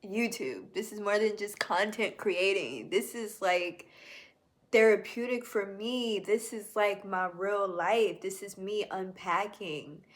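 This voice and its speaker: A young woman talking in a personal video journal, reflective and heartfelt, chatting casually to her viewers with many fillers. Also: mid-range voice. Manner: slow, reflective and heartfelt, addresses viewers as y'all.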